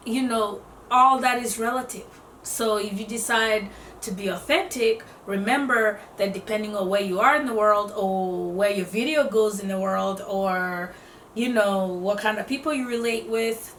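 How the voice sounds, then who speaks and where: A woman giving casual self-development advice to camera, lively, acting out what other people say and laughing often. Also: on the high side, slight background noise. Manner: animated, acts out quotes in voices, laughs often. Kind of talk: casual motivational talk to camera. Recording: echoey room, voice a bit off-mic.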